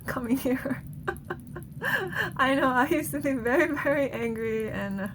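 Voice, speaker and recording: Woman healer talking thru a grounding session, kinda high voice, giggles a lot. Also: animated, slow, fairly bright tone, a little hiss or hum. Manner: chatty, laughs often between phrases. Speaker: energy healer. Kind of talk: guided energy healing talk.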